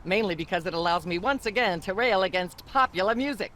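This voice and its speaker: A woman's voice: medium pitch, animated, fairly quick, a bit bright, a little hiss or hum, lightly acted. An actress voicing a haughty, pompous middle-aged woman talk-show host in a comedy game. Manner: haughty, droning, endlessly ranting.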